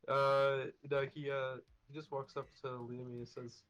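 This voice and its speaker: A man's voice: medium pitch, level tone, a little slow, hardly any pauses, fairly bright tone, lo-fi sound. A man taking part in a tabletop role-playing game, talking in a hesitant, filler-heavy way. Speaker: player. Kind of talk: casual tabletop play.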